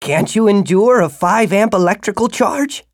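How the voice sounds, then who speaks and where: A man voicing a grim, terse wanderer in a storybook reading, speaking in short flat lines. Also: high-pitched, moderate pace, no echo, studio quality, pitched above the performer's own voice. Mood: tense. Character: wary man on a cow-drawn cart, grim.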